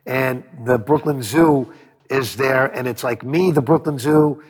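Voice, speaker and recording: A man with a husky, slightly breathy voice tells stories in an interview, acting out what others said. He swears freely and keeps the stories moving. His voice trails off in a long reverb. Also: medium pitch, a little slow. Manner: animated storyteller, acts out quotes, swears freely. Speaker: record producer guest. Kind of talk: storytelling interview.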